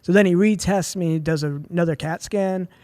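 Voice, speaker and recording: A man's voice: high-pitched, moderate pace, darkish tone, dry recording. A man in his twenties, a podcast guest, telling a story casually with a lot of "like" and "dude". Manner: laid-back, heavy on "like" and "dude".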